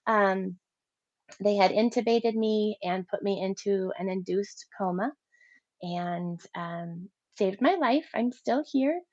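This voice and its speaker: A woman in her thirties, an interview guest giving a personal faith testimony, telling her story in an animated way and acting out her own past thoughts. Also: medium pitch, slow pace, no room sound. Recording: dull lo-fi dry sound.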